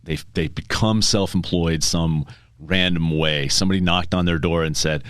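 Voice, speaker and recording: A man with a low voice talks casually as a guest on a business podcast, telling stories and acting out his clients in quick exchanges. The sound is dry and close, with no room around it. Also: fairly even intonation, a bit bright, no room sound. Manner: storytelling, acts out clients in quick dialogue. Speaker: tax preparer, podcast guest.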